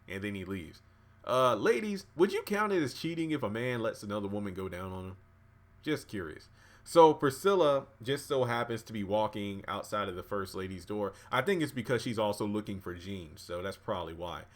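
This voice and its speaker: A man casually recapping and reviewing a TV episode, chatty and relaxed, with plenty of fillers. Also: lowish voice, normal speed. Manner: relaxed, chatty, acts out dialogue with many fillers. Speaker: YouTube TV reviewer.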